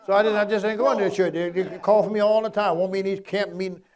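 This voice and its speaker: Preacher guy, high pitched, folksy, keeps repeating himself for emphasis. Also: steady tone, fast talker, crowd noise. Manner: folksy, repetitive, emphatic preaching with Scripture quotes. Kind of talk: sermon.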